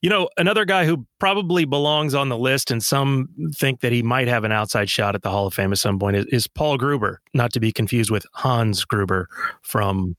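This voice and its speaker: A man co-hosting a casual sports podcast, talking in a conversational way with filler pauses and dry jokes. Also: medium pitch, a bit bright, no echo. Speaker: podcast co-host.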